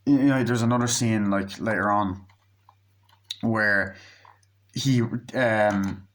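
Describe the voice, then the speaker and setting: A man's voice: fairly low pitch, fairly even intonation, takes it slowly, fairly bright tone. A man giving a casual spoken movie review. He rambles, swears often, and uses lots of fillers. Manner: rambling, profane, with lots of fillers and acted-out dialogue.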